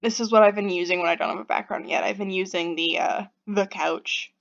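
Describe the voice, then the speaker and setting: A woman's voice: medium pitch, steady tone, fairly quick, creaky, few pauses, lo-fi sound. A woman hosting a preview of her own game, chatting in a rambling, self-deprecating way and reading the narration. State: just woke up. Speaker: game developer and host.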